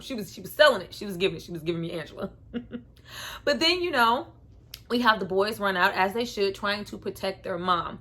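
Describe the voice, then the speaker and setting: Woman film reviewer, casual vlog delivery, slangy and animated, mid pitch. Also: a little fast. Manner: animated, slangy, laughing between remarks.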